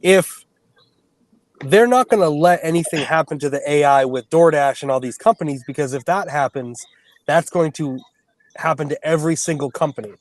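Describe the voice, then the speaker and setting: A man talking in a casual chat as a guest, halting and restarting often. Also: on the high side, no room sound, low-quality recording.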